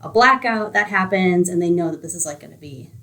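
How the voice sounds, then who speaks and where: A woman's voice: fairly low pitch, animated, brisk, fairly bright tone, poor audio. A woman co-hosting a library podcast, chatting casually and eagerly retelling a book's plot, acting out characters' lines. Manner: enthusiastic, acts out characters' lines. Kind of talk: casual book recommendation chat.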